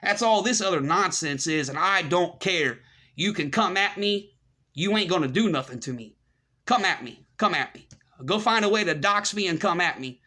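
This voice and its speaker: Scornful ranting man, bright edgy voice. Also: high voice, lively intonation, normal speed. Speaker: commentary host. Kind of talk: ranting monologue.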